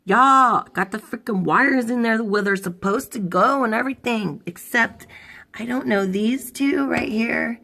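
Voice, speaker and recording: A woman's voice: fairly high pitch, a little slow, creaky, bright, forceful tone. A woman chatting casually and jokingly to viewers as she repairs an appliance, talking folksy and loose while she works. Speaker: DIY vlogger. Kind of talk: casual how-to vlog.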